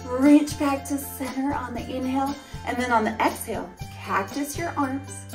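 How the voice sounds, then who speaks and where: With music playing underneath, a woman leads a family yoga flow for kids, cheerfully encouraging everyone and singing some of her cues. Her voice is high and her speed normal, and the mic sits at a distance in a roomy space.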